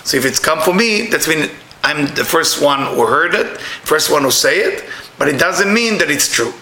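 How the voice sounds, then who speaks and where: Animated, high-voiced man preaching a sermon. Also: moderate pace. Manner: animated, breaks into laughing exclamations; non-native English with slips. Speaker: spiritual teacher. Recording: echoey room with faint noise.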